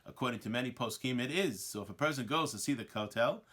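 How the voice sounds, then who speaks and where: A man's voice: medium pitch, quick pace. A man teaching a Talmud lesson, reading Hebrew and Aramaic lines and translating them, acting out the dialogue with animation. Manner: animated, acts out the quoted dialogue; reads Hebrew and Aramaic text then translates it. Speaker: Torah teacher.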